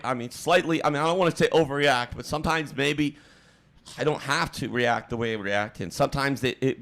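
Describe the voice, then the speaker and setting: A man hosting a livestream, giving a halting mock apology with many fillers and restarts in a deadpan, fake-emotional tone. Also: medium pitch. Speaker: streamer host.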